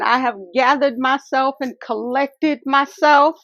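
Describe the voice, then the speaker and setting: Woman vlogger, heartfelt and devout, gravelly voice on a dry, lo-fi recording. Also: on the high side, moderate pace, fairly bright tone, dry recording. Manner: earnest, faith-filled, addresses viewers as y'all and honey. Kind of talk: heartfelt casual vlog talk. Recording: dull lo-fi dry sound.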